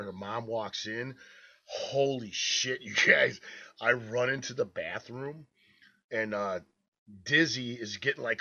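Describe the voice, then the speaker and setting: Bright-voiced man telling a rambling story. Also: mid-range voice, breathy edge. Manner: rambling, swears freely, laughs through his story. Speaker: podcast co-host. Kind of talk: casual storytelling among friends. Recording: dull lo-fi podcast audio.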